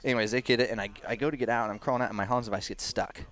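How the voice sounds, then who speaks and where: A middle-aged man, a racing driver, telling a story in casual chat with lively voices for the people in it. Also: medium pitch, rapid-fire. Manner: animated, acts out voices of others, laughs through story.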